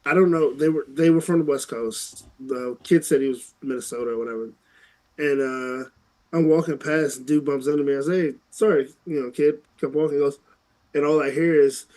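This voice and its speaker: A man's voice: a little high, steady tone, normal speed, dark tone, poor audio. A man co-hosting a podcast, chatting in a laid-back way with hesitant fillers. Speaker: podcast co-host. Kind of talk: casual chat.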